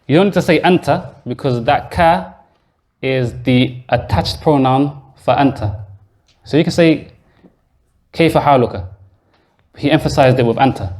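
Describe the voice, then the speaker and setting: A man's voice: fairly high pitch, moderate pace, darkish tone. A man teaching a classroom grammar lesson in a mosque, explaining patiently step by step and quizzing his students. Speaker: Arabic teacher.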